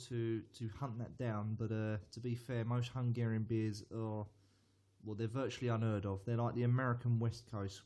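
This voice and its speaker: A man's voice: mid-range voice, darkish tone. A man reviewing a beer on a live stream, chatty and hesitant, often repeating words as he answers viewers.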